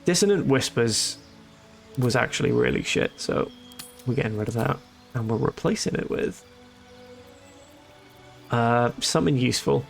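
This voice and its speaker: A man's voice: medium pitch, normal speed, gravelly, pauses often, faint music behind. A man giving casual, joking let's-play commentary as a streamer, rambling and amused at his own jokes.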